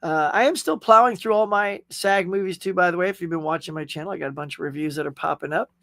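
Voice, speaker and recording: A man's voice: high voice, quick pace, gravelly, fairly bright tone, no room sound, clean studio sound. A man hosting a casual live chat show, rambling in a friendly, talkative way as he answers viewer comments. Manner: rambling, chatty, friendly, with frequent fillers and laughs. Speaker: host.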